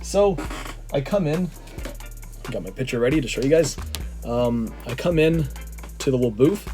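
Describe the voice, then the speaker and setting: A slightly hoarse man telling a story in a casual, rambling way, with many "like" fillers. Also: medium pitch, expressive, normal speed, dark tone, soft background music. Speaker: vlogger.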